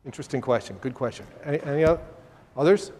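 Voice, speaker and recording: A man's voice: a little high, fast talker, darkish tone, in a large hall. A man giving a career workshop, answering audience questions in an emphatic, conversational way and often restarting his phrases.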